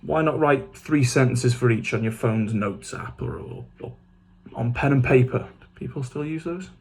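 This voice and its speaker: A man's voice: mid-range voice, moderate pace, gravelly, breathy edge. A man teaching language in a scripted but casual lesson, with dry, self-mocking humour, saying phrases and then explaining them in English. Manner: switches between Welsh phrases and English glosses.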